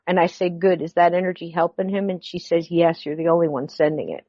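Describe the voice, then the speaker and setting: Middle-aged woman, animated storyteller acting out dialogue; low-set voice, dull lo-fi recording. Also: fairly quick, few pauses, no echo. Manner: animated, acts out quoted dialogue. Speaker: podcast guest. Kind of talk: personal storytelling.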